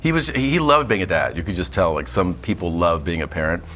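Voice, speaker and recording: A man's voice: low voice, sing-song, fast, fairly bright tone. A man being interviewed as a guest comedian, telling casual, matter-of-fact stories and laughing often as he talks. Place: kitchen studio.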